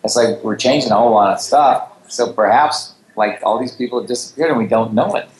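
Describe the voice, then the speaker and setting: A man's voice: medium pitch, fairly quick. A man co-hosting a casual talk show, teasing and talking in loose restarts. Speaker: co-host. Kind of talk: casual chat. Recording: roomy echo with faint background noise.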